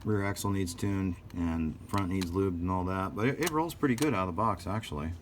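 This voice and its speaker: A man's voice: sits low, a little fast, slight background noise. A man hosting a casual hobby vlog about slot cars, talking in a joking, rambling, self-deprecating way. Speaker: host of a slot car channel.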